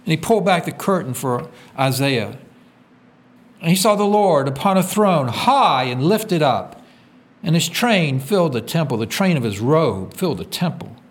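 A man's voice: sing-song, moderate pace. A man preaching a sermon, reading scripture aloud and asking his listeners to fill in the words. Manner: call-and-response questions, reads scripture aloud; swings from loud emphatic peaks to quiet low drops.

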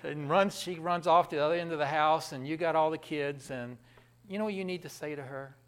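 A man preaching a sermon in a lively, conversational way, with asides to the congregation. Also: fairly high pitch, fairly quick, smooth.

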